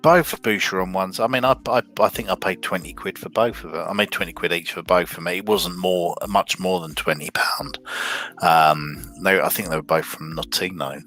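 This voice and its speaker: A middle-aged man talks casually, his voice sitting very low. He rambles, stumbles over restarts and fills gaps with ums. Faint music plays underneath. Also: fairly even intonation, normal speed, sharp tone. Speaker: co-host. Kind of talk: casual chat.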